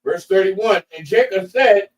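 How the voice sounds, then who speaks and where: A man's voice: high-pitched, unhurried, distant mic, rough recording. A man reading scripture verses aloud in a class, plain and a little hesitant. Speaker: scripture reader.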